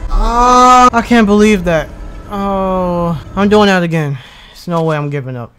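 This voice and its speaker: An excitable man narrates his game playthrough in a high voice, drawling slowly between sudden yelps. Game music plays clearly behind him. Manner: excitable, yelping and pleading. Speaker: gamer.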